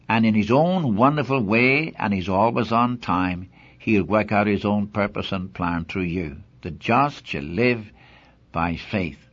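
A man's voice: lowish voice, slightly rough. An older man preaching a Bible teaching sermon, earnest and emphatic, returning again and again to one key verse. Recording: dull lo-fi old recording.

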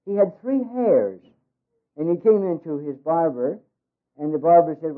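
A man's voice: on the high side, expressive, unhurried. A man giving a humorous talk as a ministry worker, in a folksy way with many hesitations. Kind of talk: humorous speech with jokes. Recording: tinny phone-like radio recording.

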